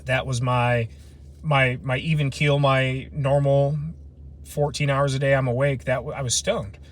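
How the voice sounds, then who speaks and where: In his late twenties, this camping livestream host reads comments and chats with viewers outdoors at night, streaming from his phone. His mid-range voice is flat and measured, while his talk stays loose, rambling, slangy, and self-deprecating.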